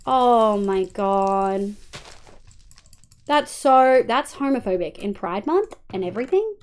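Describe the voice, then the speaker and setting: A woman's voice: mid-range voice, expressive, takes it slowly. An Australian woman streaming a game live, talking casually and swearing often as she chats with viewers over a headset.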